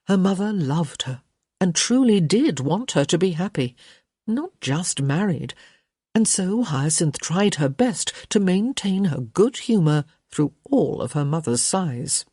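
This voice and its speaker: A woman narrating a romance audiobook in measured scripted storytelling. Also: on the low side, dark tone, husky, no room sound, clean studio sound.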